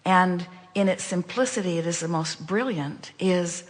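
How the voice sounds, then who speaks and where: A woman speaking in a measured, emphatic way, teaching about money and attraction as "we". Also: lowish voice. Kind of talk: spoken teaching in conversation. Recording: long hall reverb.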